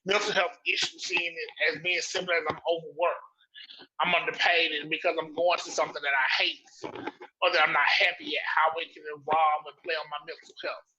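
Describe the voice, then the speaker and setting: A man's voice: a little high, level tone, fairly quick, dull audio, noisy background. A man hosting an interview show, emphatic and given to echoing his guest's words back. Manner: emphatic, repeats what the guest says. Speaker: show host. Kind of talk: interview talk.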